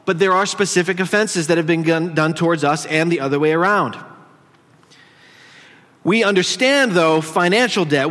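A man's voice: high voice, a bit bright, long reverb tail. A male pastor preaching a conversational sermon in a church, teasing his congregation as he teaches. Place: church sanctuary.

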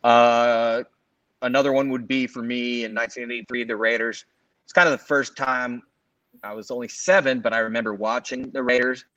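A man's voice: mid-range voice, moderate pace, dry recording, dull audio. A man in his forties from the Los Angeles area, co-hosting a sports podcast in casual chat and telling long, rambling stories full of fillers. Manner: rambling, filler-heavy, animated storytelling. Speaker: podcast co-host.

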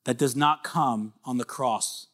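A man in his thirties preaching a sermon in a conversational way, building to loud emphatic peaks. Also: medium pitch, a little slow. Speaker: pastor.

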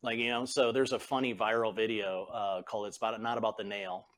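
A middle-aged man, a former CEO and author, talking in a relaxed podcast interview and acting out the people he quotes. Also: on the low side, brisk. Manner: animated storyteller, acts out quoted voices.

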